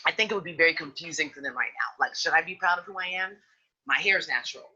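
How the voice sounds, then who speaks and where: A woman hosting a podcast in casual chat, outspoken and frank, with an animated delivery. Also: sits low, fast talker, breathy edge, lo-fi sound. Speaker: podcast host.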